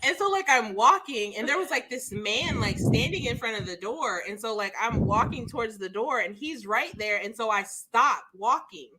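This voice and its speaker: Excitable bright-voiced young woman host. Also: fairly high pitch, moderate pace, hardly any pauses, rough recording. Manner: gushing, excitable storytelling with many "like"s. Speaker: podcast host. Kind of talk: casual chat.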